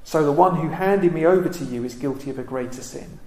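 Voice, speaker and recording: A man giving a reflective Bible study talk, pausing often with ums and restarting his sentences. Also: on the high side, darkish tone, reverberant. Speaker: Bible teacher.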